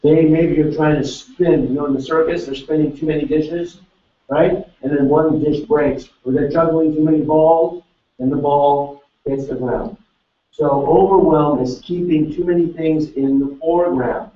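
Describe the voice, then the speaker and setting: A man's voice: fairly high pitch, fairly even intonation, normal speed. A man presenting a live seminar, energetically quizzing his audience and urging them on. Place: large seminar hall. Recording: echoey room, distant lo-fi mic.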